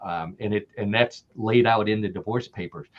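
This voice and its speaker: A man telling a story as a podcast guest in a relaxed, jokey way, chuckling along. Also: lowish voice, moderate pace. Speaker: podcast guest, paranormal news writer. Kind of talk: casual interview storytelling. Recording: dull lo-fi sound.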